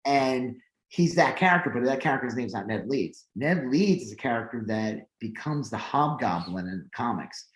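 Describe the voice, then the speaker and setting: In relaxed podcast chat, a co-host with a medium-pitched voice and moderate pace rambles on with frequent fillers, getting animated when he's excited. The recording has room echo.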